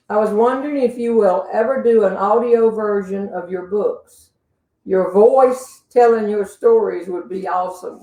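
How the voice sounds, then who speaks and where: Recorded from afar in a roomy space, this mid-range, slightly mellow female voice belongs to an older humorist host with a Southern accent. She swaps stories and answers questions casually, chuckling in a folksy way.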